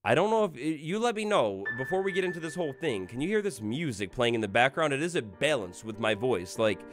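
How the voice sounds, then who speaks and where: Chatty young man live-streaming, lively pitch. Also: a little fast, faint music behind. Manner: chatty, rambling, talks to chat. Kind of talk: casual live-stream chat.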